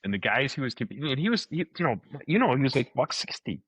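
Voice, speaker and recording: A man's voice: mid-range voice, sing-song, quick pace, fairly bright tone, husky, dry recording, low-quality recording. A man co-hosting a podcast, telling a story casually and acting out the quotes, with many restarts. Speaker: podcast co-host.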